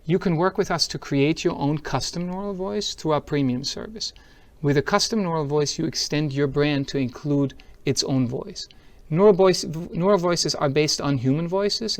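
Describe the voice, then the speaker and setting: A man with a slightly high voice presents a product demo at a tech conference, recorded dry. Upbeat and explanatory, he talks through every step while demonstrating it.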